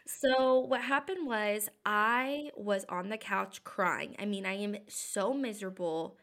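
Bright-voiced woman telling a story. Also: mid-range voice, slow pace. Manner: animated storyteller, quoting others in lively bursts. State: sore throat. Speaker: podcast co-host. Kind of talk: casual storytelling chat.

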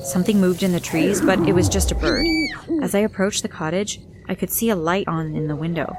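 A woman's voice: lowish voice, steady tone, fairly quick, very noisy. A woman reading a first-person story aloud in an earnest, plain way. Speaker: narrator.

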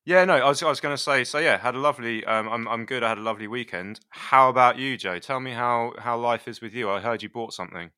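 A man co-hosting a podcast, telling stories in a lively way and laughing often. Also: mid-range voice, fast, few pauses, clear, resonant tone, no room sound, clean studio sound. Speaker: podcast co-host. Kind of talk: casual podcast chat.

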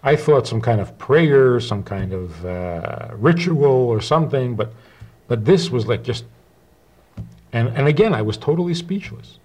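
A man telling a personal story, acting out the dialogue with halting restarts. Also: medium pitch. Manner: animated retelling with quoted dialogue. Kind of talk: spoken anecdote.

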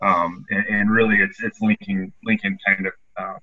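A man co-hosting a podcast, talking in a halting way with many restarts. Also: on the low side, flat delivery, narrow, tinny audio. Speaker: podcast co-host. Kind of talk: casual discussion.

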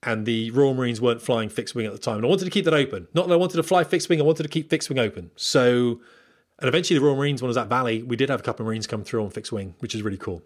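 A man talks straight to his viewers at a brisk clip, sharing blunt career advice from his flying days. His delivery is candid and rambling, full of fillers, restarts and asides. His voice sits in an ordinary middle register. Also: medium pitch. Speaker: former military pilot giving career advice. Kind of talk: casual monologue to viewers.

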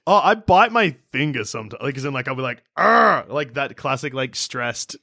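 A man chatting on a podcast with a bright, lively voice that rises and falls a lot. He jokes around playfully in casual talk. The sound is dry and close. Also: medium pitch, brisk, no echo. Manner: playful, jokey, animated. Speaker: podcast co-host. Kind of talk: casual chat.

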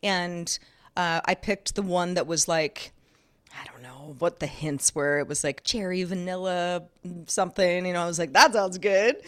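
A woman's voice: on the low side, moderate pace. Chatty woman podcast co-host. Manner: chatty, laughs often, lively rambling. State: sore shoulder. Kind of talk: casual chat.

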